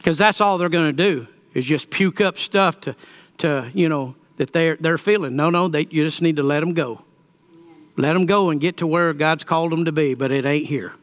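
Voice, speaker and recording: A middle-aged pastor preaching with a high, bright voice. He talks in a folksy, storytelling way, then presses his points home with emphasis. His tone stays clear and lively in the upper register. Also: moderate pace. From Texas. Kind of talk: sermon storytelling.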